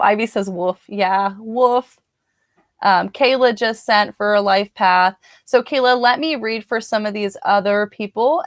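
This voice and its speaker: Woman, live card reader at home, chatty and rambling, dry close sound, mid pitch. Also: dry recording. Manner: chatty, rambling, talks straight to viewers. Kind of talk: casual live-stream card reading.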